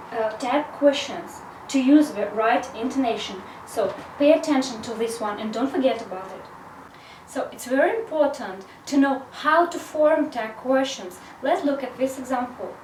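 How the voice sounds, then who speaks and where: High-voiced woman teaching in an echoey room. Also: expressive, darkish tone, slight background noise. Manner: slow, careful explanation with frequent "so". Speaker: English teacher. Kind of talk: video grammar lesson. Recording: echoey room, mic at a distance.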